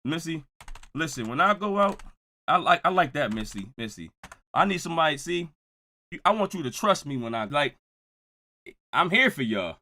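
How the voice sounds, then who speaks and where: A young man streaming casual reaction commentary and joking with his live chat. His delivery swings from loud outbursts to low mutters. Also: expressive, moderate pace.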